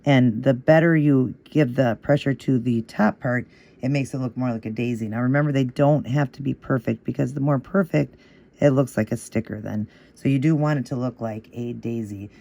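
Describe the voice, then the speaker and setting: A man talks through a nail art tutorial in a casual, step-by-step way. His voice is gravelly and mellow, and he patiently repeats each move in a steady rhythm while encouraging the viewer. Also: medium pitch, moderate pace.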